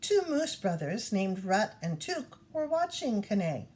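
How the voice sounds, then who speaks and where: A woman reading a children's storybook aloud in an expressive storytelling manner. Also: mid-range voice, unhurried. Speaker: reader.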